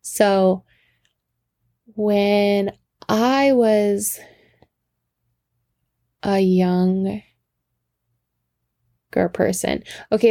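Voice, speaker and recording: A woman's voice: medium pitch, mellow, no echo, clean studio sound. A woman in her thirties, a podcast host, telling a rambling casual story and interrupting herself with asides. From Washington state.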